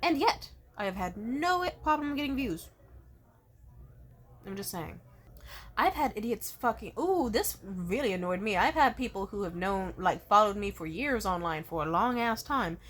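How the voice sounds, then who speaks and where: A woman's voice: fairly high pitch, fairly bright tone. A young woman vlogging, ranting in an exasperated, heavily profane way about commenters who misjudge her. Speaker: content creator. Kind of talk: casual ranting vlog.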